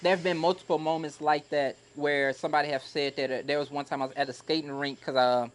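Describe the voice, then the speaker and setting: A man who used to teach, co-hosting a podcast and telling a story in a casual, animated and heartfelt way. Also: fairly high pitch, fast talker. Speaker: podcast co-host, former teacher.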